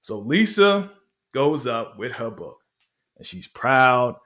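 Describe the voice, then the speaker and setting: A man's voice: medium pitch, slow. Laid-back man recapping a show. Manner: animated storytelling, slangy, laughs often. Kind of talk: casual review chat.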